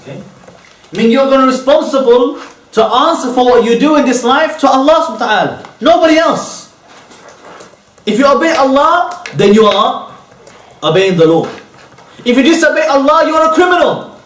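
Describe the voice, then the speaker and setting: A man's voice: extremely high pitch, animated, moderate pace, long pauses, a bit bright. A man giving a religious lecture. He keeps checking in with "okay?", asks rhetorical questions, and restates his key terms. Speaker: Islamic lecturer. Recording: echoey room, voice from far off.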